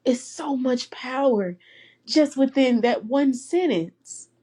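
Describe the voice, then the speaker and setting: Young woman, faith podcast host, a touch high-pitched, earnest and teary, laughs often. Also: expressive, takes it slowly, dark tone, husky. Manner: heartfelt and earnest, breaks into laughter between phrases; emotional, close to tears at times. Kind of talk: personal faith podcast monologue.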